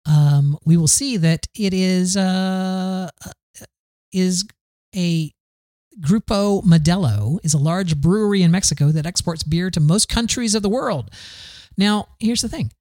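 A man's voice: high-pitched, unhurried, warm tone, no echo, studio quality. A man hosting a podcast, riffing through the news in a casual, sarcastic way, full of fillers and restarts. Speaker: podcast host.

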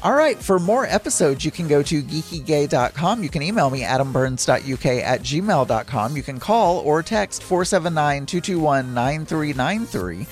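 A man talks through his day on his own podcast, loose and rambling, and he laughs easily. His voice sits a little high for a man. Soft music plays faintly behind him. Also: lively intonation, moderate pace, few pauses. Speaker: podcast host. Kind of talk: casual solo podcast monologue. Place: home.

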